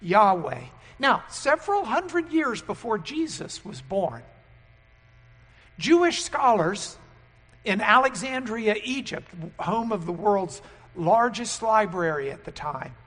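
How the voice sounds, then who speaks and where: A man preaching a sermon and teaching at a board, emphatic and loud on key words. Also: high voice, lively intonation, takes it slowly, big-room sound.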